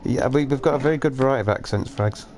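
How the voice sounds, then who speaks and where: A man's voice: medium pitch, fast talker, a little mellow, a little hiss or hum. A man with an English accent chatting and joking with friends while streaming a game, swearing lightly. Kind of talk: casual gaming chat with friends.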